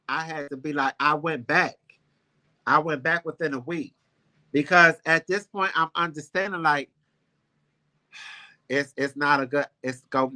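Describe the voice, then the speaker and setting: A man's voice: on the high side, bright, forceful tone. A man hosting a casual talk show, telling a personal story in a heartfelt, rambling, emphatic way. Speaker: show host.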